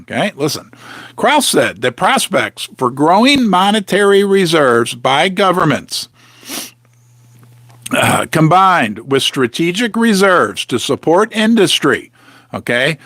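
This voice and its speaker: A man hosting a casual live stream, talking with many restarts and rhetorical questions, clearing his throat as he is losing his voice. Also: a little high, big pitch swings, takes it slowly, fairly bright tone, no echo. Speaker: host of a live precious-metals stream.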